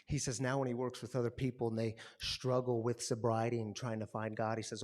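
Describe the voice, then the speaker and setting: A man's voice: mid-range voice, a little fast, hardly any pauses. A man pastoring a recovery community, telling a story in a sermon and acting out the quotes and sounds. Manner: animated storyteller, acts out quotes and buzzing sounds. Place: gathering hall with a live audience.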